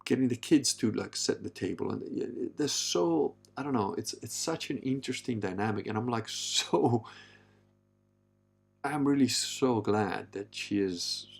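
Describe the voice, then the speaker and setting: A man in his fifties hosting a casual monologue, blunt and profane, with a gravelly voice. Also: a little slow. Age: 50s. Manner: blunt and profane, mimics others in a high falsetto. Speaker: podcast host. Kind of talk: casual live-stream monologue.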